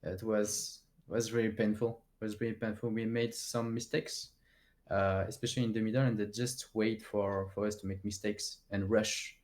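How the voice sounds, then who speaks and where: A man with a French accent, a player answering post-match interview questions in halting English and often searching for words. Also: fairly low pitch, flat delivery, a little mellow.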